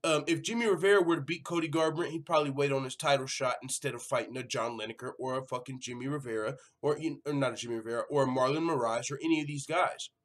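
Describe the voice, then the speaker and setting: A man with a mid-range voice hosts an MMA news vlog, talking fast with hardly any pauses. His commentary is casual and profane, full of free swearing and acted-out quotes.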